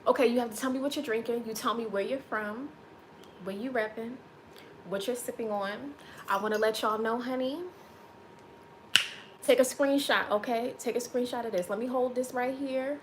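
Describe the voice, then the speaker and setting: A woman's voice: fairly high pitch, steady tone, normal speed, background noise. A woman hosting a casual livestream, chatting playfully with viewers and reading their comments aloud. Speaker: livestream host.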